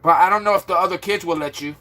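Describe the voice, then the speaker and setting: A stressed man from Florida, USA rambles casually to his livestream viewers, his voice very fast, pushed and bright. At times he turns low and subdued.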